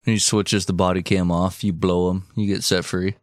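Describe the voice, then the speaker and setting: A man's voice: sits low, little pitch movement, moderate pace, dry recording, studio quality. A man hosting a comedy podcast, narrating history and breaking into crude joking asides. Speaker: podcast host telling history. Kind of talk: comic history storytelling.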